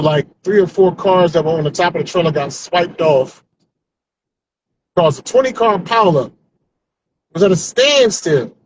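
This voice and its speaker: A man's voice: high voice, a little hiss or hum, low-quality recording. A male comedian trying out new stand-up jokes without notes, rambling and talking to himself, often ending lines with "man". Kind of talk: stream-of-consciousness stand-up practice. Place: car on commute.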